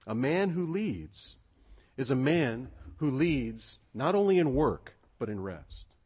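A man's voice: medium pitch, big pitch swings, takes it slowly, a little mellow, slightly rough. A male pastor preaching a sermon in an earnest, exhorting way, repeating his key phrases for emphasis.

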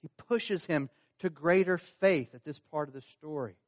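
Pastor guy preaching, earnest, slightly high voice, dry no-room sound. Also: moderate pace, dry recording, muffled recording. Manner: earnest, rising in emphasis on scripture quotes. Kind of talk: sermon.

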